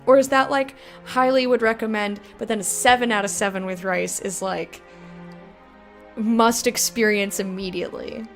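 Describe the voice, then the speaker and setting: An American woman streaming a game, chatting casually with her viewers, self-mocking and quick to laugh. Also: medium pitch, fairly even intonation, faint music behind. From United States. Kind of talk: casual gameplay commentary, reading chat.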